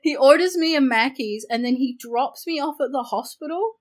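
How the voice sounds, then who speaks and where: A woman with a New Zealand accent, a podcast co-host telling a story in casual chat, frank and animated, swearing freely and saying "like" a lot. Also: sits high, normal speed, rough recording.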